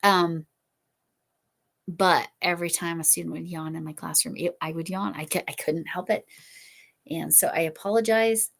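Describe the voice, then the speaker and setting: A middle-aged woman with a slightly low voice chats casually on a crochet livestream. She rambles from one thought to the next, reads out viewer comments and apologizes often. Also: steady tone, moderate pace, gravelly, fairly bright tone. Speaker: livestream host. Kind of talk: casual chat while crocheting.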